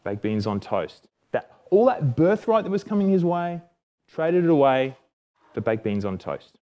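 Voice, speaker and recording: A man's voice: fairly high pitch, big pitch swings, a little slow, dull audio. A man with an Australian accent giving a casual, jokey Bible lesson, often correcting himself. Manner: chatty and jokey, self-correcting.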